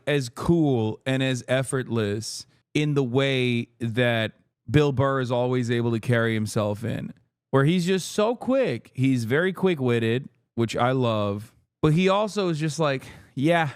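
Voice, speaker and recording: A man in his thirties reacting to a clip on a live stream, talking fast and swearing freely. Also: mid-range voice, clear, resonant tone, no room sound, clean studio sound. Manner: animated, profane, bursts of loud laughter. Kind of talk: casual live-stream commentary.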